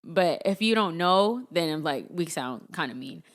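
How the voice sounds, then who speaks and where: A young woman co-hosting a podcast, chatting casually with her husband and laughing often as she tells animated stories. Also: lowish voice, moderate pace. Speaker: podcast co-host. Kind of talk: casual chat.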